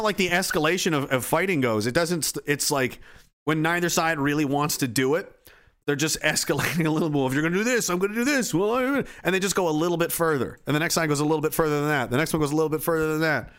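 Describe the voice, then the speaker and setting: A man talking casually, profanely and excitedly, full of "like" and restarts. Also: on the high side. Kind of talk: casual rant.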